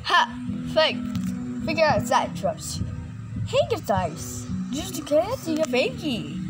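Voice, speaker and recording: A woman giving excitable, casual gameplay commentary, exclaiming and repeating her words. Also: very high voice, low-quality recording. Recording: game music playing behind.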